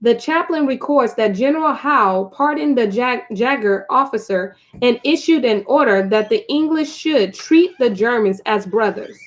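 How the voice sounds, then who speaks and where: A woman's voice: a little high, expressive, normal speed, few pauses. A woman hosting a casual live stream, reading a book aloud to her viewers, chatty and prone to digressions and asides.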